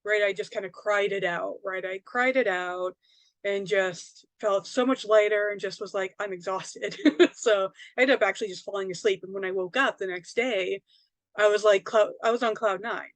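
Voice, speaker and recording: A woman's voice: medium pitch, fairly even intonation, moderate pace, dry recording. A woman, a psychic medium and author, telling a personal story in a casual, rambling way, full of fillers and tag questions.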